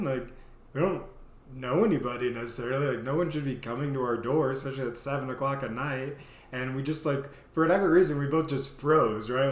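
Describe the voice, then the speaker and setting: A man's voice: medium pitch, a little fast, roomy sound. A man casually telling a personal story as a vlogger, rambling with lots of "like" fillers.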